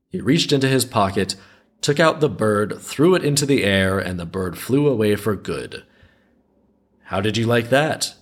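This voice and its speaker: Wry low-voiced man reading folk tales. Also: lively intonation, moderate pace. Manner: wry, skeptical, rambling asides. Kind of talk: storytelling with casual commentary.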